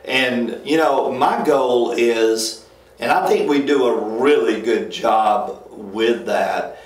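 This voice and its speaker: A man who is a pastor co-hosts a church ministry talk show, speaking emphatically in a folksy way. His voice rises high when he mocks others, and the recording has a roomy echo.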